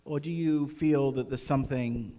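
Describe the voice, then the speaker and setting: A man's voice: medium pitch, moderate pace, warm tone. A man moderating an on-stage interview, asking casual, probing questions.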